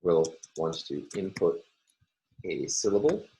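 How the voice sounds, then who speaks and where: Low-voiced man giving a lecture. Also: sing-song, warm tone, a little hiss or hum, poor audio. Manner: measured, explanatory, with frequent "uh" and "um" pauses. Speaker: university lecturer. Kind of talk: recorded academic lecture.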